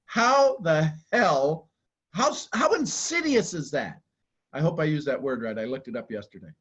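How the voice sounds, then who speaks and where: Animated man acting out quotes. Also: fairly high pitch, normal speed, breathy edge, dull audio. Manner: animated, acts out quoted voices, swears casually. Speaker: motivational speaker. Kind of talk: live talk to a group.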